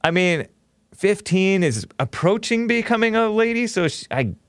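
A man's voice: sits high, animated, moderate pace, clean tone, no room sound. Sarcastic male talk show host, dry sound. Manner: sarcastic, mocking, laughs often. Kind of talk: opinionated talk radio monologue.

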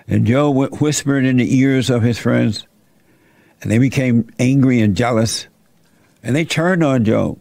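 A man retells a Bible story in a folksy, plainspoken sermon style. His voice is gravelly and slightly high, and he speaks very slowly. The sound is close and dry. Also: darkish tone, no room sound. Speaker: host and preacher.

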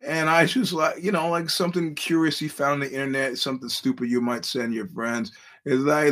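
Rambling, animated male podcast host. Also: fairly high pitch, a little fast. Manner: rambling, animated, acts out quoted voices. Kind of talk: casual storytelling monologue.

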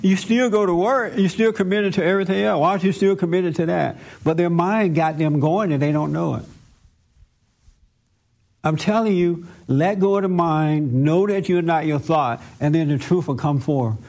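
A man's voice: on the high side, normal speed, vocal fry, a little mellow. A man giving spiritual counsel to a group in an emphatic, insistent way, repeating his points. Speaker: spiritual teacher.

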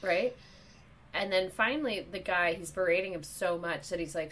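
Young woman, new york accent, slightly low voice, animated storyteller, swears, faint background noise. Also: normal speed. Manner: animated, swearing, acts out quoted people. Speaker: comedian guest. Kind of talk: casual podcast chat, storytelling.

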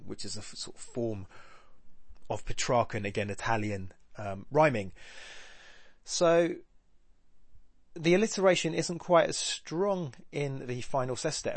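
A man's voice: mid-range voice, no room sound. A man hosting a poetry podcast, talking through a sonnet in a casual, rambling way, correcting himself as he goes. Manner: rambling, self-correcting, with filler ums and restarts. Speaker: podcast host analysing poetry. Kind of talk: casual spoken analysis, thinking aloud.

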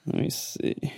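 A man's voice: warm tone, dry recording, studio quality. A man in a casual podcast chat, hesitant and searching for words.

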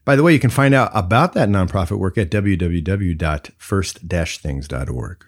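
A man's voice: deep voice, lively intonation, moderate pace. A man hosting a solo podcast, talking in a playful, reflective way that moves between jokes and musing. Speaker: podcast host.

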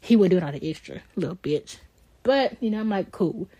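A woman's voice: lowish voice, expressive, fairly quick, warm tone, no echo. A young woman, bluntly and heatedly telling a story on a casual podcast, swearing freely. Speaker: podcast co-host.

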